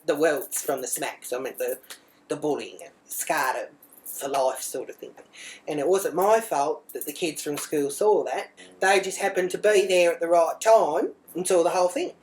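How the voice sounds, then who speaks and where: Blunt, crude mum, lowish voice. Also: female voice, a little mellow. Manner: blunt, crude, swears freely, rambling asides. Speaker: mother. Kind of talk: comic character monologue.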